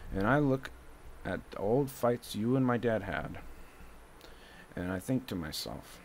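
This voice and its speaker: A man's voice: fairly low pitch, expressive, measured pace, a little hiss or hum. A young man in an emotional monologue to his mother, confrontational and rambling, with many fillers.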